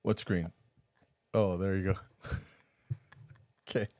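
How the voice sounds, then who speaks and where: Male podcast co-host, low voice, animated and rambling, laughs a lot; dry studio sound. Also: slow pace, no echo. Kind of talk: casual chat.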